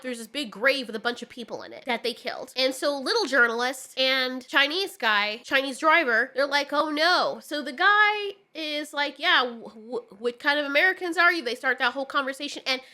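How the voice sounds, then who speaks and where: A woman's voice: high-pitched, pushed and bright. A woman giving a ranting casual film review, exasperated and sarcastic, swearing often. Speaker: movie reviewer.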